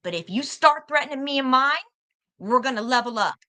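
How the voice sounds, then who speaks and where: A woman's voice: high-pitched, expressive, a little fast, pushed and bright. A young American woman arguing heatedly on a livestream, confrontational and profane, hammering her points by repeating them. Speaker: livestream guest.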